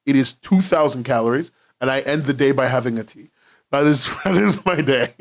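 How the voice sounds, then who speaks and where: A man's voice: mid-range voice, a little fast. A young man streaming from his home in London, rambling casually, laughing often and swearing freely.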